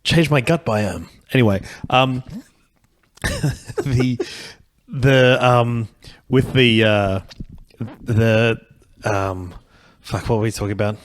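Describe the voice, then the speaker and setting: A comedian chatting loosely on a podcast, rambling, swearing and laughing often. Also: male voice, medium pitch, takes it slowly, pauses often. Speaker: comedian guest. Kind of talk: casual podcast chat.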